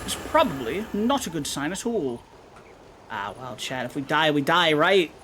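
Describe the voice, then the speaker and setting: A woman streaming a game, chatting casually with her viewers in an excitable, talkative way and swearing now and then. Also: deep voice, normal speed, background noise.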